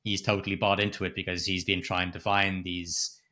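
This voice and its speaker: A man's voice: deep voice, flat delivery, a little fast, sharp tone. A man co-hosting a casual film review podcast, swearing freely and mocking characters' lines. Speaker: podcast co-host.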